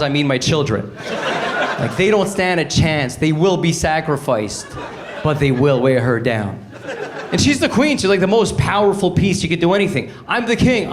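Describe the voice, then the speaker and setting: Canadian male comic in his forties, high voice, wry, plays both sides of a couple's fights, noisy live room. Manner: wry, acts out both sides of marital arguments. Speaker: stand-up comedian. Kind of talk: stand-up routine. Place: comedy stage before a live audience.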